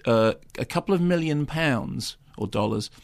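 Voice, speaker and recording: A man co-hosting a radio film show, telling quick animated anecdotes in casual chat. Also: medium pitch, creaky. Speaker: film critic co-host. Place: radio studio.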